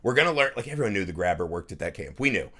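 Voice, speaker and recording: Man, podcast co-host, casual chat, swears a lot, acts out scenes, animated. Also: low-pitched, racing.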